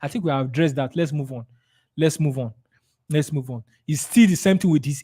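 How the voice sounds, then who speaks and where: A man with a Nigerian accent and a fairly high pitch talks fairly quickly as he hosts a live sales webinar. Energetic throughout, he reads chat comments aloud and role-plays client exchanges.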